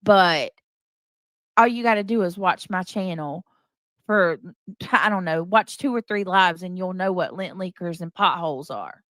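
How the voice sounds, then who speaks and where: A woman's voice: fairly low pitch, unhurried, a bit bright, dry recording. A woman hosting a casual live stream, defensive and exasperated, repeating herself and restarting sentences as she answers her chat.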